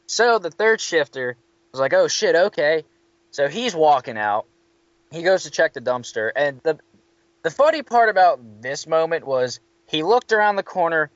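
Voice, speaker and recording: A man tells a story in a casual chat, lively and profane, and bumps his voice up whenever he quotes someone. The sound is dry and close with a dull, lo-fi edge. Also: a little high, moderate pace, dry recording. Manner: animated, swearing, quoting others in raised voices. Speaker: hotel worker telling a story.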